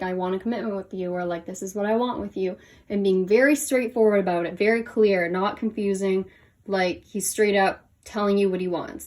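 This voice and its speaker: The voice is a woman's, mid-range with a darkish tone. She's a young tarot reader doing a relaxed session at home, kneeling over cards on the floor and a bit winded as she leans over them. Her talk is chatty and full of "like" and "um" fillers, punctuated by laughing at herself.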